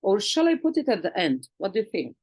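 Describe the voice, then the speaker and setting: A woman's voice: mid-range voice, very animated, brisk, darkish tone, slightly rough, no echo, low-quality recording. A woman teaching an English grammar lesson to children, patiently asking questions and answering them herself.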